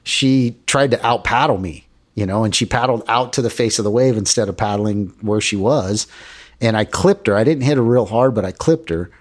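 A man's voice: fairly low pitch, moderate pace. A man talking casually about surfing, rambling and acting out the voices of people in his stories. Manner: rambling, animated, acts out quoted voices. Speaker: surfer guest. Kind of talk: casual chat.

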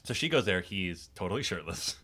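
A man co-hosting a casual movie podcast, talking in an animated, joking way with quick asides. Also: low voice. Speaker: podcast co-host.

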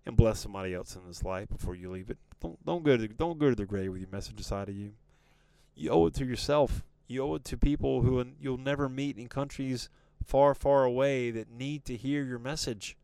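A man's voice: mid-range voice, a little mellow, clear, resonant tone, dry recording. A man hosting a podcast, giving a casual but preachy motivational monologue straight to his listeners with rhetorical questions and lots of "man" and "you know". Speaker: podcast host.

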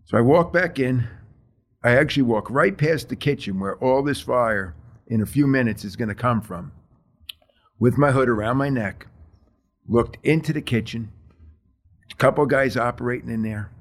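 A middle-aged man, a firefighter, telling the story of a fire in an interview in a plain, measured way with many fillers. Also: medium pitch.

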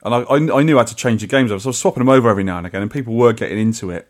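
A man's voice: medium pitch, very fast. A man co-hosting a podcast, chatting casually and rambling with restarts. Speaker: podcast co-host. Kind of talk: casual chat.

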